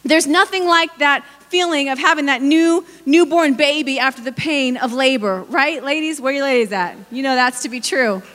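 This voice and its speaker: A woman's voice: high voice, normal speed, hardly any pauses, a bit bright. A woman in her forties preaching a sermon, telling personal stories with humor and speaking directly to the congregation. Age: 40s. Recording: long hall reverb.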